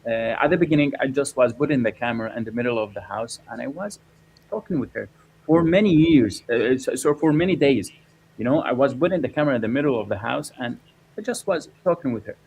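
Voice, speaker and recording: Halting filmmaker. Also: male voice, medium pitch, animated, darkish tone, lo-fi sound, slight background noise. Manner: halting, many fillers and restarts. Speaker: documentary filmmaker. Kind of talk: interview answers.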